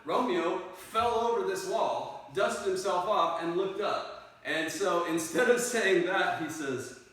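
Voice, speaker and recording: A man teaching a play scene to a class, telling it in an animated way and directing the readers. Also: high-pitched, takes it slowly. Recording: echoey room, mic far off.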